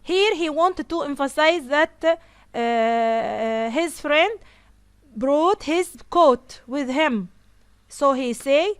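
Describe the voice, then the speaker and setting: A woman teaching an English grammar lesson, slowly repeating each example sentence. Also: high-pitched, no echo.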